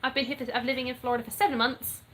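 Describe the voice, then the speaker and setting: Bright-voiced English woman streaming live. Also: high-pitched, flat delivery, rapid-fire, slight background noise. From England. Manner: chatty, upbeat, greets viewers by name. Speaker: livestream host. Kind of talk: casual live-stream chat reading comments. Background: birdsong.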